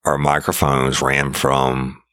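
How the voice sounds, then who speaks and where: A man's voice: extremely low pitch, completely flat delivery, takes it slowly, sharp tone, smooth, dry recording, clean studio sound. A middle-aged man, a former deputy hosting a podcast, telling true-crime stories in a casual, vivid way and acting out radio calls.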